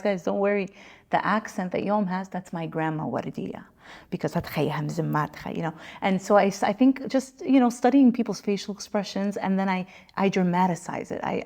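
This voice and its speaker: Lively storytelling comedian woman. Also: fairly low pitch. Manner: lively storyteller who slips into quoted voices. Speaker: comedian and content creator. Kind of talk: casual interview answers. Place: at a convention.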